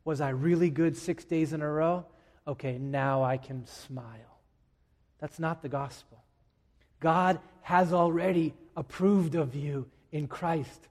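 A man preaching a lively sermon in a large hall with a long reverb. His voice sits a little higher than most men's. He jokes with the crowd and swings from loud shouts to hushed asides. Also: takes it slowly. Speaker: pastor.

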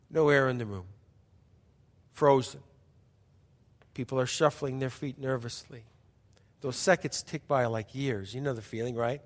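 A middle-aged male pastor preaching a sermon as a story, emphatic and repetitive, dropping to hushed passages between bursts. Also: high-pitched, lively intonation, normal speed. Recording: long hall reverb.

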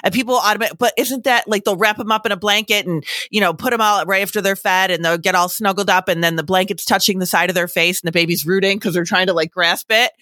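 A bright, clear woman's voice talks casually as a podcast co-host, chatty and animated and full of "like" and "you know". The sound is dry and close to the mic, with no room around it. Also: medium pitch, fast, hardly any pauses, no echo. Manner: chatty, animated, lots of fillers.

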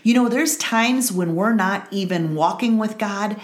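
A woman's voice: mid-range voice, measured pace, echoey room. A middle-aged woman hosting a Bible study, giving an earnest personal testimony and repeating phrases for emphasis.

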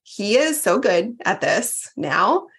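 A woman's voice: mid-range voice, sing-song, takes it slowly, fairly bright tone. A woman in her forties, a podcast guest sharing her retreat experience in a candid, chatty way with lots of fillers and restarts. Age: 40s. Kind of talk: casual podcast chat.

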